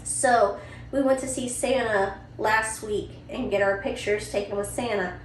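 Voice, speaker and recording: A woman podcast host telling a family story in a chatty, animated way, with frequent asides to the listener. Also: mid-range voice, measured pace, slight background noise. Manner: chatty, animated, lots of "you know" and "right?". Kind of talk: casual storytelling. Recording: roomy, distant mic, faint ambience.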